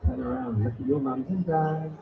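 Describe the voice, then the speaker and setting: A man's voice: on the high side, animated, normal speed, vocal fry. A man presenting invertebrates to a family audience at a live show, joking and teasing the children theatrically. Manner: jokey, theatrical showman teasing the kids. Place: event hall before an audience. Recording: distant, dull live-stream sound with faint noise.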